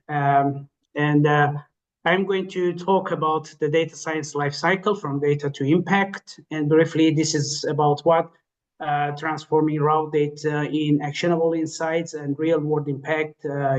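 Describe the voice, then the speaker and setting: A man giving an academic webinar lecture, his voice tired after hours of teaching, pausing often with fillers. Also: fairly high pitch, level tone, low-quality recording. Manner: hesitant, many filler pauses. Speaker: guest lecturer.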